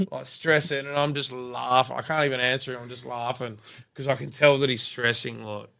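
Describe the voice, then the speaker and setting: A man's voice: medium pitch, normal speed, gravelly. A young Australian man, a guest on a podcast, telling a story casually with lots of swearing and fillers. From Perth, Australia. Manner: swears freely, lots of filler likes, animated retelling.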